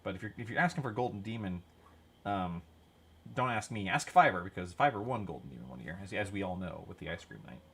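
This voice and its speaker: A man's voice: low-pitched, expressive, fast, fairly bright tone, breathy edge. A man hosting a hobby stream, chatting casually and rambling with jokes while he paints miniatures. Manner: jokey, rambling, laughs at own jokes.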